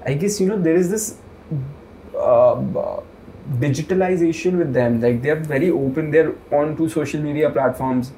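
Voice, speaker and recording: A man, chatting casually on a podcast and chiming in with quick agreement. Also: a little high, mellow, slight background noise, poor audio. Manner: agreeable, chimes in with short affirmations.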